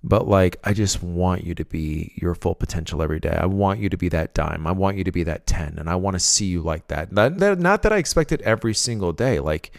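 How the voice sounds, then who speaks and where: A man's voice: deep voice, expressive, a little fast, creaky, few pauses, no room sound, studio quality. A man co-hosting a podcast, talking in a rambling, affectionate way in casual chat. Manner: rambling and affectionate, many fillers and restarts. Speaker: podcast co-host.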